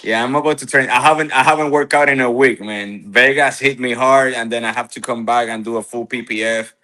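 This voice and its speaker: A man's voice: mid-range voice, steady tone, brisk, pushed and bright. Laughing, confident guest man. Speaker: competitor guest. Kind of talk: casual interview.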